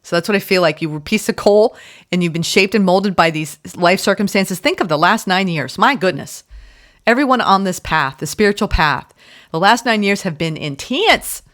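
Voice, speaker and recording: A woman giving a spoken tarot reading, gushing and emphatic, often repeating words and filling pauses. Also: medium pitch, expressive, a bit bright. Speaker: tarot reader.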